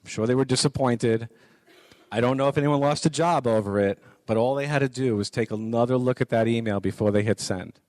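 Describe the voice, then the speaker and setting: A man's voice: medium pitch, fairly quick, a little mellow, dry recording. Middle-aged guy lecturing college kids, chatty, repeats himself, dry close sound. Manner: conversational, repeats points for emphasis. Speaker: guest speaker on business writing.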